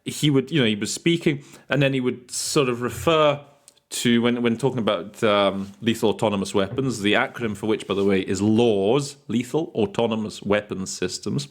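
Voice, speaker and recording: A man's voice: on the low side, moderate pace. A man coaching interpreters in a casual teaching talk, thinking aloud with fillers and restarts and telling chatty anecdotes.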